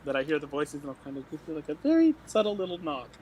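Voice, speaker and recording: A man's voice: a little high, very animated, rapid-fire, darkish tone, slight background noise. A man playing a tabletop game, chatting playfully and laughing often. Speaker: tabletop player. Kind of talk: casual game chat.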